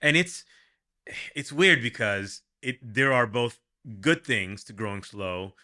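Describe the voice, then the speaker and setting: A young adult man hosting a casual podcast as a worship leader, animated and laughing, thinking aloud with restarts. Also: medium pitch, takes it slowly.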